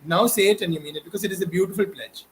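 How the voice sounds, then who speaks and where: A man's voice: high voice, rapid-fire, a bit bright, a little hiss or hum, low-quality recording. A man from India with an Indian English accent, giving an impassioned, preachy talk straight to his viewers and repeating his points to drive them home. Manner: preachy, exhorting, repetitive. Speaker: online educator. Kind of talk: impassioned direct-to-camera talk.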